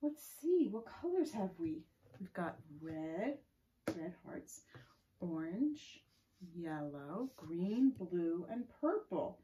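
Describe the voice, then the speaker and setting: Slow, whispery woman reading to kids. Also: fairly low pitch, sing-song, slight background noise. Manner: gentle, often drops to a whisper, drawn-out words. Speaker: children's librarian. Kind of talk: children's story time.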